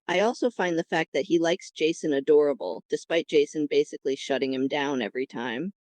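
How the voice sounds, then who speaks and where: A woman's voice: deep voice, brisk, a little mellow, no echo, natural voice. A synthetic cloned woman's voice voicing a chatbot copy of a YouTuber, gushing about webtoon characters. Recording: dry.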